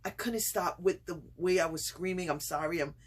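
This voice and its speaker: A woman telling a personal story in a casual vlog from home. She talks hesitantly with many fillers and pauses, and gets excited and laughs as the story builds. Her throat is slightly itchy from screaming. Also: lowish voice, slightly rough. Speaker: vlogger.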